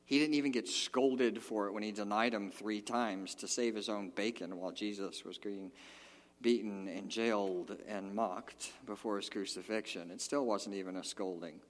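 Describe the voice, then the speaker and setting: A pastor with a fairly low voice delivers a sermon at a moderate pace in a church sanctuary, his animated preaching rising to loud, emphatic peaks. The recording carries a long hall reverb.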